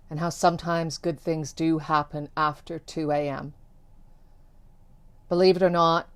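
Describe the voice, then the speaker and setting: Slow-talking woman telling a personal story. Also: low-pitched, clean tone. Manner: candid and conversational, loose with "like". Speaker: keynote speaker.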